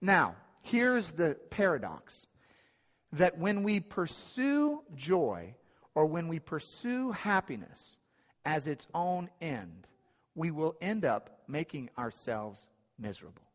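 A man's voice: a little high, big pitch swings, slow. A man preaching a sermon in an earnest, emphatic way, often repeating his key phrases. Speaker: pastor. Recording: long hall reverb.

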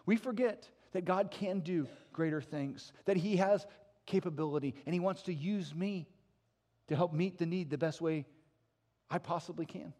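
A man preaching a sermon as pastor, acting out scenes with a raised voice and dropping low and soft for emphasis. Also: moderate pace. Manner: animated storytelling, acting out disciples with a raised voice.

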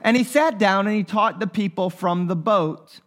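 A man's voice: high-pitched, moderate pace, fairly bright tone. A man preaching a sermon as pastor, earnest and talking straight to the congregation, often repeating his phrases.

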